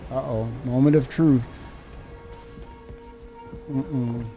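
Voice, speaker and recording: A man's voice: medium pitch, steady tone, extremely slow, dull audio, soft background music. A man streaming a video game and commenting live, grumbling in mock anger and laughing at himself. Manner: wry, mock-angry grumbling with self-mocking laughs.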